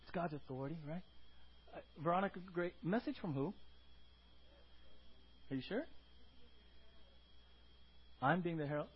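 A man pastor preaching a sermon in a church, animated and questioning the congregation. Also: fairly high pitch, moderate pace, long pauses, slightly rough, dull audio. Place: church sanctuary.

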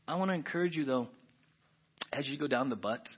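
A male pastor preaching a conversational, emotional sermon. He swings from hushed whispers to loud, emphatic bursts, with frequent restarts. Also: medium pitch, a little fast, pauses often, slightly rough. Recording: dull, muffled recording.

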